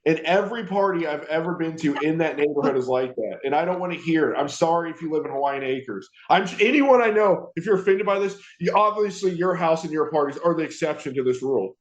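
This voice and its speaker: A man's voice: on the high side, fast talker, few pauses. A man hosting a radio show, ranting casually and profanely, laughing and mimicking people. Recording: roomy, dull lo-fi sound.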